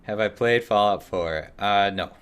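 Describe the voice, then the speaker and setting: A young man talks his viewers through a game in a loose, joking stream chat, his voice sitting a little low. He keeps it chatty and relaxed, now and then slipping into a playful put-on accent for the characters he meets. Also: measured pace, clear, resonant tone. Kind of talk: casual live-stream gameplay chat.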